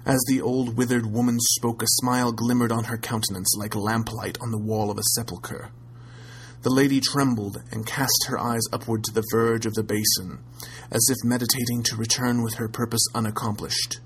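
A man narrating a classic tale aloud in a measured, steady storytelling manner. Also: mid-range voice, slightly rough, low-quality recording. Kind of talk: audiobook reading of a classic tale.

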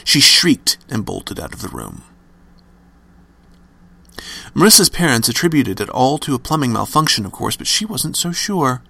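A male narrator tells a horror story with a gravelly, husky voice. His pitch moves a lot, rising and falling for dramatic effect. The delivery is scripted and theatrical. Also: big pitch swings, a little fast, bright, forceful tone. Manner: dramatic storytelling, varied emphasis.

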